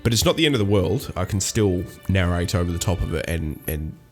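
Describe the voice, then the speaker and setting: A man's voice: deep voice, animated, a little fast, faint music behind. An Australian man giving casual gameplay commentary, rambling with many ums and restarts. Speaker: gaming YouTuber.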